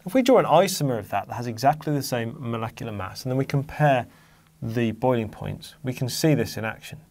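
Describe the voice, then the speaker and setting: A man's voice: medium pitch, a little fast, a little mellow. A man teaching an exam-focused chemistry lesson, patiently walking through diagrams and leaning hard on key words.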